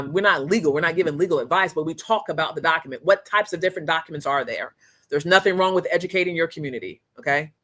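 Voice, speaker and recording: Lady teaching live on stream, super chatty and slangy, keeps talking right to the viewers, computer mic. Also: on the low side. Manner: chatty, energetic, slangy, talks straight to viewers. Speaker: course instructor and livestream host. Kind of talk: casual live-streamed training.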